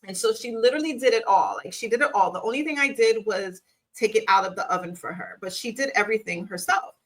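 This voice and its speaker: Bright-voiced woman coaching viewers. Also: mid-range voice, fast, low-quality recording. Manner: encouraging, talks straight to the viewer with repeated questions. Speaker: business coach. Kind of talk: faith-based motivational YouTube talk.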